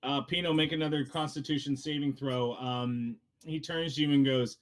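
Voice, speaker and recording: A man's voice: on the high side, fairly even intonation, normal speed, hardly any pauses. Rambling man running a tabletop game. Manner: rambling, many fillers and restarts. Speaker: dungeon master.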